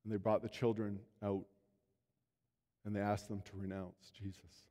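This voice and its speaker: Male pastor, sermon delivery, mellow tone, earnest storyteller whose voice rises and falls, church hall reverb. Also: lowish voice, little pitch movement, moderate pace. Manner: earnest storytelling, voice swells and drops. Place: church sanctuary.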